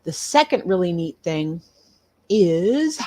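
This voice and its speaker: An older woman, chatting casually as a live-stream host. She reads out viewer comments and mutters to herself while fumbling with her streaming software. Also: fairly low pitch, very animated, slow pace. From United States. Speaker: livestream host.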